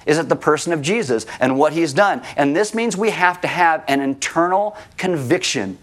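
A man's voice: fairly high pitch, expressive, moderate pace, a bit bright. A middle-aged male pastor preaching a sermon in a conversational way, with joking asides to the congregation.

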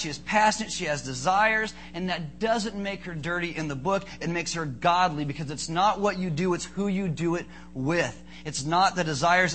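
Male pastor, high bright voice, playful animated preaching with comic asides, light background noise. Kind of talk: sermon.

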